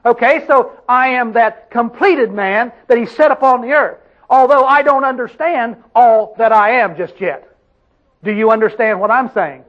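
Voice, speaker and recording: High-pitched guy preaching, keeps asking the crowd questions, dull lo-fi sound. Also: moderate pace. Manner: emphatic, asks the congregation questions. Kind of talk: sermon.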